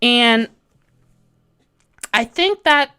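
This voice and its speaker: A bubbly woman in her thirties with a high, bright-sounding voice, talking through a drawing tutorial on a livestream. She rambles, giggles often and teases herself as she answers viewers. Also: lively intonation, extremely slow, clear, resonant tone, soft background music. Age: 30s. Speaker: webcomic artist streaming a tutorial. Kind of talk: casual livestream chat, reading comments.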